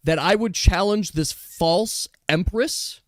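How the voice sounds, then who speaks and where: A man's voice: high-pitched, slow, no room sound, studio quality. A man voicing a defiant male raccoon warrior with a grave, proud manner.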